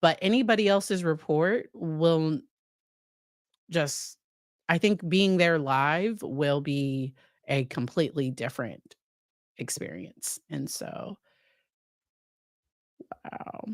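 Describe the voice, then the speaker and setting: A woman psychologist with a low, slow voice comments on a court case during a casual live stream, recorded cleanly in a studio with no echo. She talks conversationally to her chat, greeting viewers by name and often restarting sentences amid plenty of fillers.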